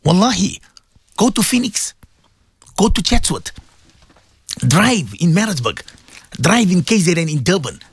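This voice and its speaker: A man's voice: high voice, sing-song, moderate pace, long pauses, slightly rough. A man, a Muslim cleric hosting a radio show, preaching fervently and pleading with his listeners, repeating phrases for emphasis. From South Africa. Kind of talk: impassioned radio sermon.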